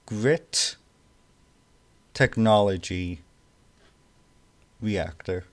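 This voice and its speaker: A man narrating a tabletop game as game master, speaking slowly and hesitantly with many fillers. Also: low voice, steady tone.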